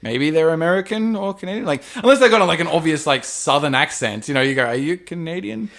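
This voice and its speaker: A man's voice: on the high side, expressive, quick pace, fairly bright tone. A young Australian man with an Australian accent, co-hosting a podcast and telling sardonic, profane stories in casual banter. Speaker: podcast co-host.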